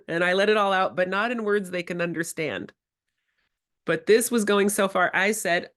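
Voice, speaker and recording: A woman's voice: mid-range voice, expressive, moderate pace, long pauses, a bit bright. A woman presenting a workshop to educators, talking in a reflective, candid way and acting out her own quoted words. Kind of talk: teaching workshop talk.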